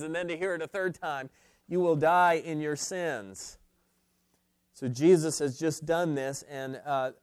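A man's voice: medium pitch, a little mellow, clean tone, dry recording. A man giving an earnest, emphatic Bible lesson to a class, posing questions to his listeners. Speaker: Bible teacher. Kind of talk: expository Bible teaching.

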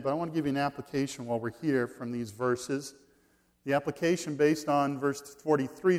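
A man preaching a sermon, reading scripture aloud and shifting between loud emphasis and quiet asides. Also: a little high. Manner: reads scripture slowly, swings from loud stress to quiet asides. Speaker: pastor.

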